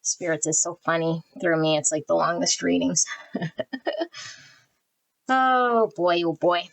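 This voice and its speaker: A woman with a slightly low voice reads tarot in a loose, chatty way. She often repeats herself and restarts her phrases as she goes. When she calls on spirit, her tone softens and turns prayerful. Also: completely flat delivery, moderate pace, vocal fry, no room sound. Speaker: tarot reader. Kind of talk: casual spoken tarot reading.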